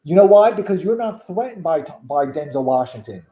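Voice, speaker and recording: A man's voice: on the high side, lively intonation, a little fast, over a noisy crowd. A man in casual conversation who argues his opinions emphatically and piles on rhetorical questions. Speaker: guest. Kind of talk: casual chat.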